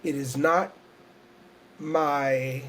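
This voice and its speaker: A man's voice: on the high side, fairly even intonation, very slow, fairly bright tone, slight background noise. Earnest man from Houston, emotional. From Houston, Texas. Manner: earnest, searching, repeats phrases, emotional. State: close to tears. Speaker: guest storyteller and entertainer. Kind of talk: reflective conversational interview.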